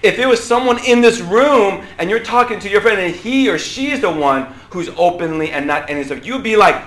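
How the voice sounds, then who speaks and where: A man preaching a sermon to a room, animated, swinging from loud outbursts to quiet asides and asking the audience questions. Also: sits high, a little fast, echoey room. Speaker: pastor.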